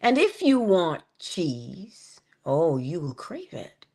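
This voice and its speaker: A woman giving a morning motivational talk, dropping at times into a soft whisper and drawing out key phrases slowly. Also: lowish voice, huge pitch swings. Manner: shifts between full voice and soft unvoiced whisper; drawn-out, emphatic delivery with slowed phrases. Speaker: inspirational speaker.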